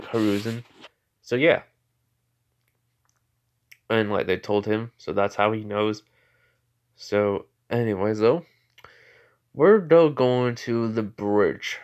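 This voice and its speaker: A man's voice: on the low side, highs cut off. Rambling man telling a fan story. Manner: rambling, full of "like" and "you know", corrects himself often. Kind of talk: casual improvised storytelling.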